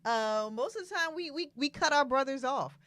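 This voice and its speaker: A woman's voice: high-pitched, lively intonation, moderate pace, fairly bright tone, no room sound. A woman co-hosting a casual talk show, speaking frankly, often laughing and acting out quotes. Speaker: co-host.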